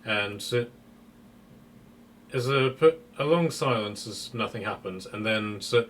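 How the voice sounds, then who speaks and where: Relaxed man running a tabletop game. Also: on the low side, normal speed, slight background noise. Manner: casual, relaxed, with many fillers. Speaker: game master.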